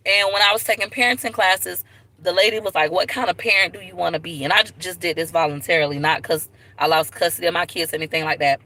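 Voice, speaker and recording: A woman speaks straight into her phone on a live stream, open and unguarded as she tells her story. Her voice is bright and forward, with a heartfelt edge and moments close to tears. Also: medium pitch, low-quality recording. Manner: candid, tearful at times, Southern US slang. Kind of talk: emotional personal storytelling.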